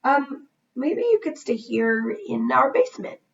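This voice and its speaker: A woman's voice: sits high, sing-song, a little slow, vocal fry, distant mic, lo-fi sound, exaggerated voice. Woman playing a nervous, stammering boy. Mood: hesitant. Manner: hesitant, stammering. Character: nervous, kind young boy.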